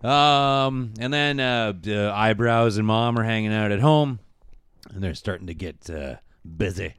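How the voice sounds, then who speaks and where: A man with a lowish, smooth voice talks through a TV episode in a loose, rambling way, full of "uh" and "like". He drops into quick, offhand quotes of the characters. The recording is close and dry. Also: fairly bright tone, no echo. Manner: rambling recap, lots of filler words, quotes characters offhandedly. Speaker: podcast host recapping a TV episode. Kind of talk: casual chat.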